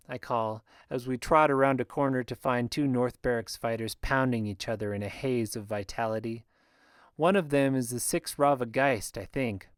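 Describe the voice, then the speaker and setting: Smooth, dry-voiced male audiobook narrator. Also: mid-range voice, normal speed, dry recording. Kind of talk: scripted first-person fantasy narration.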